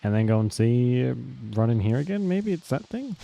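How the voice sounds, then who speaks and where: A man's voice: mid-range voice, very animated, brisk, dark tone, muffled recording, slight background noise. A man streaming a game live, chatting casually, reading lines aloud and meowing as a running joke.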